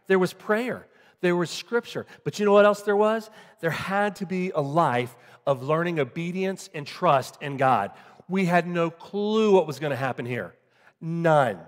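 A man preaching in a church sanctuary, his voice ringing out with a long hall reverb. He sits a little high for a man and moves between strong, emphatic lines and hushed, lower-voiced asides to the congregation. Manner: dynamic, swings from loud emphatic peaks to quiet low asides. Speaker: pastor. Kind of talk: sermon.

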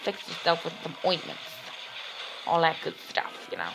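Man, gameplay commentary, excitable, whooping, gravelly, lively pitch. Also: normal speed, noisy background. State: voice getting sore. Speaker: gaming channel host.

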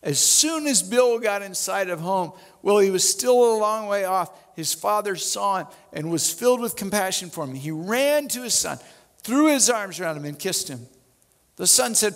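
Gravelly high-voiced preaching man. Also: moderate pace, big-room sound. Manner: animated storytelling with wry asides. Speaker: pastor. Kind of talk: sermon.

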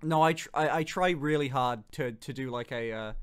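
A young man with a Birmingham accent, hosting a casual stream chat, animated and quick to laugh and swear. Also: medium pitch, smooth, soft background music. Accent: Birmingham English. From England. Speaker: streamer host.

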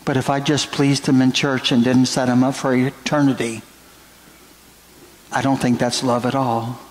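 A man's voice: medium pitch, flat delivery, moderate pace, rough recording. A middle-aged man preaching a sermon as pastor in a church, earnest and drawn out. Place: church sanctuary.

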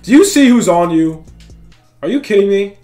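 A young man giving excitable, slangy running commentary over his own video game play as a gaming channel host. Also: sits high, normal speed, faint music behind. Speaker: gaming YouTuber. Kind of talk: live gameplay commentary.

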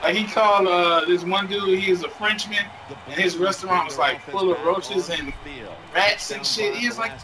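A man's voice: sits high, moderate pace. A man in casual, profane, joking chat while playing a video game. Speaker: gamer. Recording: distant mic with game crowd.

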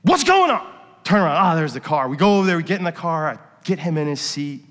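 In a church sanctuary, a middle-aged worship pastor preaches quickly in a fairly high voice that rings into a long hall reverb. He shares personal stories in a hushed, confessional tone, then rises to emphatic, preacherly points.

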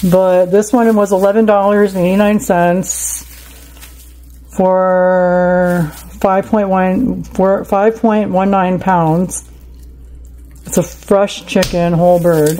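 A woman's voice: fairly low pitch, little pitch movement, measured pace, dark tone, low-quality recording. A woman vlogger chatting in a rambling, self-talking way as she cooks in her home kitchen, recorded on a camera and phone on the counter. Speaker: cooking vlogger. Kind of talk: casual cook-along chat.

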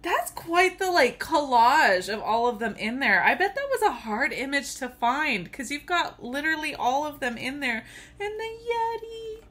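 High, bright-voiced gushing woman. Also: very animated, normal speed. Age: adult with children. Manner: gushing and giggly, often squealing with delight. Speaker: tumbler crafter unboxing a gift. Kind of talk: casual unboxing vlog.

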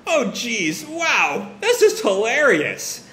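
A loud, teasing, cackling middle-aged mother, put on by a man reading a manga, her voice swooping high and lively. The sound is echoey, as in a bare room, with a faint hiss behind it. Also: normal speed. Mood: gushing. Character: brash laughing mother, a TV producer.

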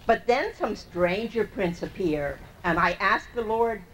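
A woman reciting a humorous poem to an audience in a measured, deliberate way. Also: mid-range voice, expressive. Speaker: storyteller. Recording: distant mic with faint noise.

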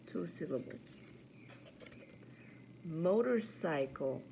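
A woman teaching young children to count syllables. She says each word slowly, then repeats it. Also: fairly low pitch, lively intonation, gravelly, a little mellow, slight background noise. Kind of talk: slow, clear classroom lesson for young children.

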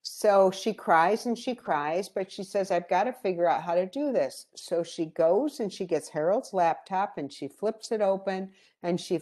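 A woman giving an educational presentation on grief, calm and gentle, explaining through stories. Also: fairly low pitch.

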